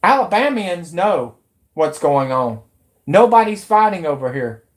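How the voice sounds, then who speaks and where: A woman's voice: on the low side, big pitch swings, unhurried. A woman, ranting angrily and swearing as a YouTube commentator. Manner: angry, profane, shouting in bursts. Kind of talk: angry political rant.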